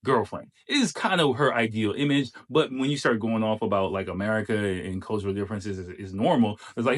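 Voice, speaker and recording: A man's voice: mid-range voice, lively intonation, moderate pace. A man hosting, giving casual commentary on a clip, chatty and full of fillers and restarts. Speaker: host reacting to a clip.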